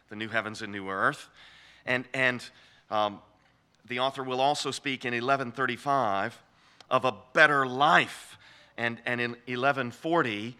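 A man giving a measured lecture on scripture, explaining the text step by step and often restarting his phrases. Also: medium pitch, bright, forceful tone. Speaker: Bible teacher.

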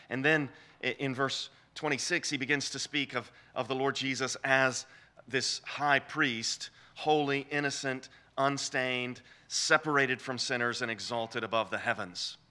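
A man giving a measured lecture on scripture, explaining the text step by step and often restarting his phrases. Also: medium pitch, sharp tone. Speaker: Bible teacher.

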